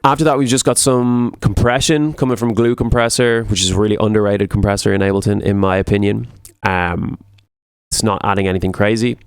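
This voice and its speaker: A man with a lowish, smooth and clear voice explains a tutorial in a relaxed, casual way. He stacks up repeated words for emphasis. The sound is close and dry. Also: fairly quick, dry recording. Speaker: music producer.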